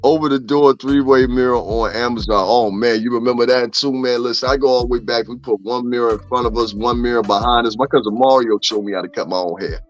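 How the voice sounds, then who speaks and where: Brief: male streamer, mid-pitched, profane and playful, slightly muffled audio with faint music underneath. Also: fairly even intonation, fast, few pauses. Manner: profane, joking, talks to chat. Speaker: gossip livestream host. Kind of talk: casual livestream commentary.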